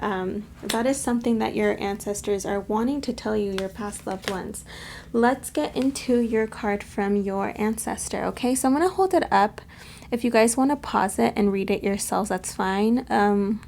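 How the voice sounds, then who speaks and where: A woman giving a casual pick-a-card tarot reading to camera, chatty and affectionate, addressing her viewers warmly. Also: mid-range voice, vocal fry. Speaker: tarot reader.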